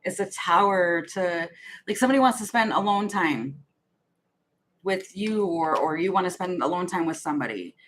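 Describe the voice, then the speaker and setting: A woman's voice: on the low side, expressive, normal speed, a little hiss or hum, poor audio. A woman doing a casual tarot reading, musing aloud in a hesitant, giggly way with many restarts. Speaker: tarot reader.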